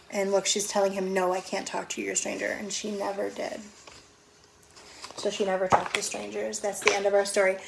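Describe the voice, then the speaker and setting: A woman teacher reading a picture book aloud to children, gently explaining words as she goes. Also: mid-range voice, vocal fry, a little hiss or hum, poor audio.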